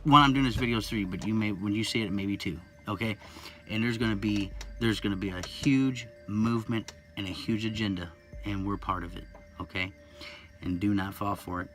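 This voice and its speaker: Over soft background music, a man hosting his own YouTube channel delivers an impassioned conspiracy monologue that's agitated and rambling, full of restarts and repetition. His voice is fairly low and fairly bright, and he talks a little fast.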